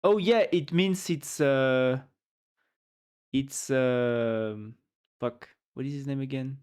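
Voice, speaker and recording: A man on a livestream talks loosely with his chat, reading messages aloud and joking back. He rambles and repeats words as he hunts for the next one. His pitch sits right in the middle. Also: takes it slowly, a little mellow, smooth. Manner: rambling, repeats words while searching for them; reads chat aloud and jokes with it. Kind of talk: casual chat with viewers.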